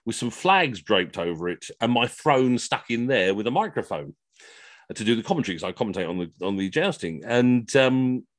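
A man's voice: medium pitch, sing-song, normal speed, no room sound, studio quality. A man telling comic stories, chatty and rambling, over a video call. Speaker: costumed entertainer, storyteller. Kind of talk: comic storytelling.

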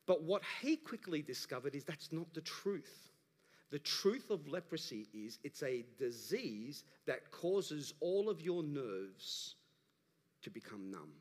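A man, a pastor delivering an animated sermon that rises to emphatic calls to the congregation. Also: fairly high pitch, slow. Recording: preached in a large reverberant church hall.

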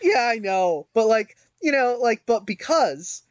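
A man with a fairly high voice, chatting as a podcast co-host. He rambles, mocks himself and keeps restarting his sentences. The sound is dry and close to the mic. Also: sing-song, measured pace, clean tone, dry recording. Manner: rambling, self-mocking, lots of fillers and restarts. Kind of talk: casual chat.

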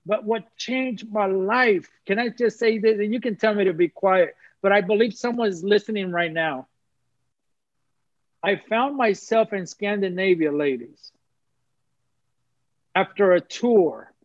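Earnest high-voiced man giving testimony. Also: unhurried, no echo, lo-fi sound. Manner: earnest, preacherly, repeats phrases for emphasis. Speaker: guest sharing testimony. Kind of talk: emotional personal testimony.

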